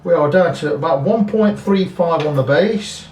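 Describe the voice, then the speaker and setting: A man's voice: fairly high pitch, moderate pace, a little mellow, a little hiss or hum. A man working as a guitar repair technician, talking casually through a setup and thinking aloud with frank asides. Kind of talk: casual workshop demonstration. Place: guitar workshop. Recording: roomy workshop, mic at a distance, faint music.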